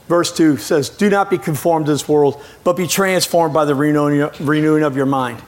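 A middle-aged man preaching as a guest, lively and joking, often breaking off to apologize to his listeners. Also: on the high side. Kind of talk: sermon.

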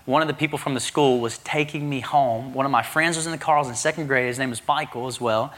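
A male pastor preaching a sermon, telling a personal story in an animated way and acting out the dialogue himself. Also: mid-range voice, quick pace. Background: congregation responding.

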